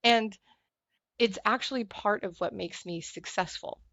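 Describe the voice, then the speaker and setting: A woman's voice: mid-range voice, unhurried, creaky, dry recording, highs cut off. A woman speaking as a podcast guest, telling stories animatedly and acting out the voices of other people. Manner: animated storyteller acting out quoted dialogue. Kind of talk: conversational interview.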